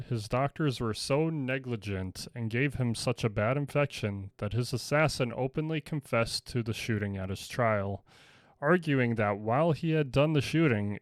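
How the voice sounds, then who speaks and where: Male podcast co-host, mid-range voice, calm fact reader, dry close sound. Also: medium pitch, no room sound. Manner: reads facts in a measured way, laughs along. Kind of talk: casual chat, reading out facts.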